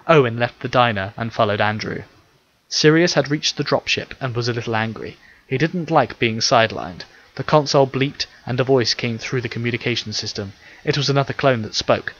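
Brief: male audiobook narrator, steady measured reading, bright forward tone, slightly dull audio. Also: medium pitch. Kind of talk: scripted narration.

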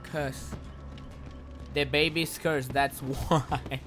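A man streaming a horror game live, excitable and swearing, swinging between loud outbursts and low muttering, a native Spanish speaker. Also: measured pace. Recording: music playing loudly behind.

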